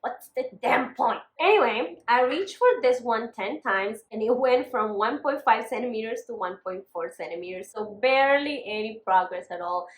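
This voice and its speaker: Casting: woman vlogger, fairly high voice, ranty and exasperated, echoey room. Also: moderate pace, few pauses. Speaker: beauty vlogger. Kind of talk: casual vlog chat.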